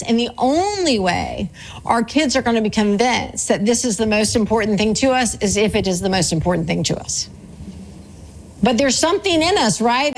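A woman's voice: mid-range voice, creaky, low-quality recording. A woman in her forties preaching a sermon on parenting in an earnest, conversational way, repeating her key points. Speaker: church speaker.

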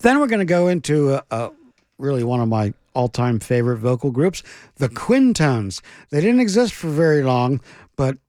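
A man's voice: medium pitch, very animated, normal speed, a little mellow, no room sound, clean studio sound. A man hosting a radio music show, introducing records in a chatty way with many fillers. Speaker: radio host. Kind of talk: casual radio banter.

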